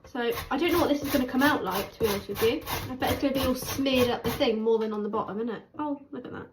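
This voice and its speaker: A woman's voice: fairly high pitch, quick pace. A woman chatting casually while she cooks, rambling and poking fun at herself. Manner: chatty, rambling, self-mocking. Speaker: cooking vlogger. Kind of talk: casual cooking chat. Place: home kitchen. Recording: echoey kitchen with background noise.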